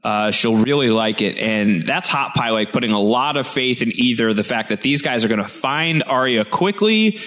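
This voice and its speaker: Man, podcast co-host, middle pitch, rambling casual chat, jokey, lots of fillers. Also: animated, normal speed, few pauses, fairly bright tone. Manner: rambling and jokey, many fillers, playful exaggerated quoted voices. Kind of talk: casual chat recapping a TV episode.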